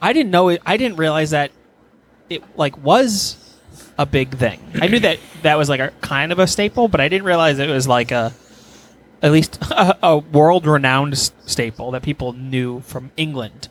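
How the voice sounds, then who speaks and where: Man, a bit higher voice, rambling teasing banter. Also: expressive, moderate pace. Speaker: podcast co-host. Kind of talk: casual chat.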